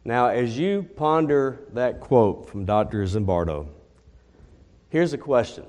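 A man preaching a sermon as pastor, slow and emphatic, repeating his key phrases. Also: mid-range voice, lively intonation, darkish tone, big-room sound.

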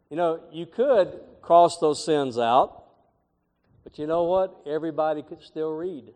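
A man's voice: fairly high pitch, darkish tone. A middle-aged man preaching a sermon as pastor, with emphatic, swelling phrases. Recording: long hall reverb.

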